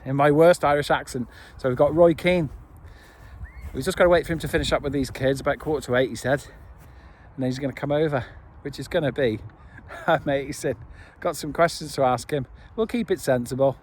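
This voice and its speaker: A camping vlogger with a mid-range voice talks fairly quickly while recording his back-garden camp on his phone. He's chatty, jokey and enthusiastic in this casual vlog, and a slight hiss or hum runs underneath.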